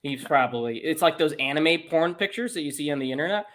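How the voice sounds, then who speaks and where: A man's voice: fairly high pitch, lively intonation, fast talker, a bit bright. A man co-hosting a movie podcast in casual chat, upbeat and jokey, laughing often. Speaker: podcast co-host.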